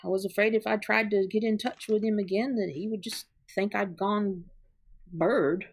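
A soft-spoken, earnest mother, voiced by a woman game master in a tabletop game. She talks gently and hesitantly, pausing to find her words. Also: mid-range voice, fairly even intonation, slightly rough.

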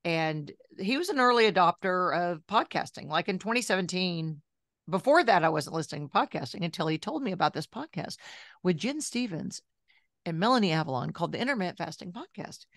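A woman in her sixties, a journalist and health coach, telling her story in a chatty, lively interview style full of asides. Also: on the low side, a little fast, no echo, clean studio sound. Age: 60s.

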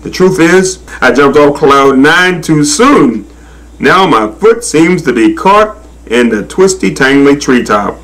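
A man voicing a gentle, booming divine lord in a storybook, speaking slowly and kindly. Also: lively intonation, exaggerated voice, rough recording. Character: gentle, booming, elderly male divine figure. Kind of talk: storybook reading.

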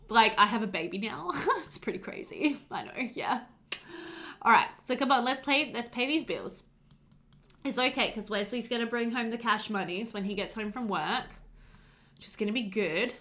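Bright, animated woman gaming host. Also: fairly high pitch. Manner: chatty, excitable, talks to her game characters. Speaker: let's play host. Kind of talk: casual gameplay commentary.

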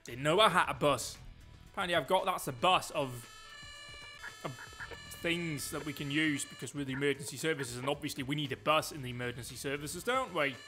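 Excitable man streaming a game. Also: a little high, fairly quick, faint music behind. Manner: excitable, talks loud, quips at himself. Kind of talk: live gameplay commentary.

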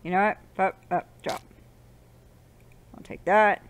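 A woman casually commenting while she plays a game, swearing and muttering to herself, with loud outbursts in between. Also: mid-range voice, fairly even intonation, takes it slowly, a little hiss or hum. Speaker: gaming channel host. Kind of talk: casual let's-play commentary.

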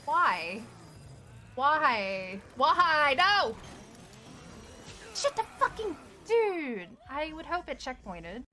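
A young woman streaming a game, excitable, swearing often and laughing between reactions. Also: high voice, slow pace, slight background noise. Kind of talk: casual live-stream commentary.

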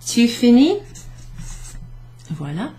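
Speaking slowly in a warm, fairly high voice with huge pitch swings, a French teacher from Wales chats through a recorded beginners' summary lesson. She corrects herself while writing on a board, switches between French and English, and laughs lightly.

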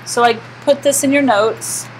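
Woman teacher, classroom lecture, slightly high voice, quizzes the class and answers herself. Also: fairly even intonation, moderate pace, slight background noise, low-quality recording. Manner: asks the class questions and answers them herself. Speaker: math teacher.

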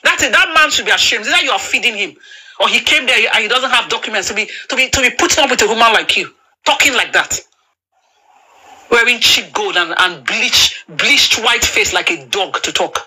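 Sharp-voiced woman ranting furiously. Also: a little high, expressive, a little fast, breathy edge, rough recording. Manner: furious, insulting, stammering repetitions. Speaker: panel speaker. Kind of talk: angry live-stream rant. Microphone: phone on a live video panel.

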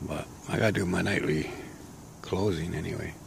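Man, unwell and breathless, rough crackly voice, casual outdoor vlog, faint background noise. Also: low voice, steady tone, normal speed. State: sick and short of breath. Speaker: vlogger. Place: outdoors in a garden grove.

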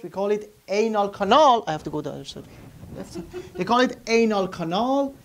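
Man, anatomy lecture, classroom, asks questions, writes on board. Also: high voice. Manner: quizzes students, repeats terms, writes on a board. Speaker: anatomy instructor.

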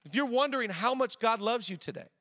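High-voiced male pastor in a reverberant hall. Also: lively intonation, fast, fairly bright tone. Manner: conversational preaching with repetitions and jokes. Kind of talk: sermon. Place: church auditorium.

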